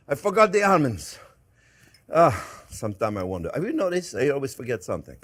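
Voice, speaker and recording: A middle-aged man hosting a casual cooking demonstration, chatty and animated, telling stories as he cooks. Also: fairly high pitch, a little fast. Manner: chatty, animated storytelling, exclamations. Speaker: cooking show host.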